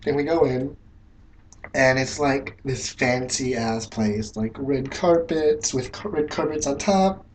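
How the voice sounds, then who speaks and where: A man's voice: mid-range voice, slight background noise. A man telling a story in a loose, rambling way while doing his makeup, with lots of fillers and some cursing. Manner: rambling, filler-heavy, frank and profane. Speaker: makeup vlogger.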